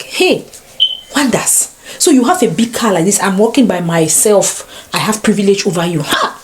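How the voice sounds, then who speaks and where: A young woman with a Cameroonian accent, telling stories to camera in a casual sit-down vlog, lively and full of exclamations. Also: mid-range voice. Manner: animated, exclamations and playful asides. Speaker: vlogger. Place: sit-down room at home. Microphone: camera mic.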